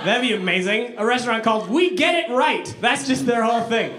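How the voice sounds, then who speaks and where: A man performing a stand-up comedy set in a club, animated and acting out voices in his stories. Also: very high voice, fairly quick, noisy background. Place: comedy club with a live audience. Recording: echoey room, live audience laughter.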